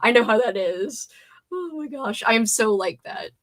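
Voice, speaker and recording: This young woman's voice is fairly high and animated, moving at a normal speed. She's hosting a casual livestream, murmuring to herself over her crafting and sometimes cursing quietly.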